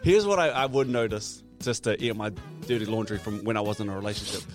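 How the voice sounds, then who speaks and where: A man's voice: fairly low pitch, fast talker, soft background music. A man co-hosting a show, telling stories in a playful, casual way. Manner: animated, storytelling, playful. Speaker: co-host. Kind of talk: casual chat.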